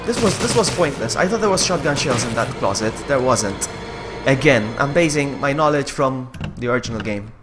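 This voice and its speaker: A man streaming a horror game, talking to himself in casual commentary that swings from low muttering to frustrated yelling. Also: lively intonation, brisk, few pauses, over music.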